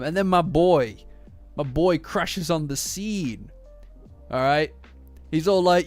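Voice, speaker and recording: A man hosting a casual chapter reaction, breaking into heated, cursing outbursts between calmer reflective stretches. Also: a little high, takes it slowly. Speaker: manga reaction host. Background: faint lofi background music.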